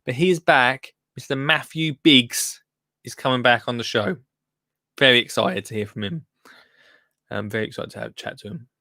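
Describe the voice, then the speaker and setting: A man's voice: medium pitch, pushed and bright, no room sound. A man hosting a live gardening show, chatting in a rambling way and reading out listener comments. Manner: rambling and chatty, breaks off mid-sentence. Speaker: gardening podcast host.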